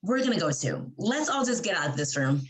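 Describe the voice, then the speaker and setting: An actress playing an exasperated young college woman trying to calm her roommate and friend down in a livestreamed stage play. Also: fairly low pitch, brisk. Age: young adult. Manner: placating, trying to calm others down.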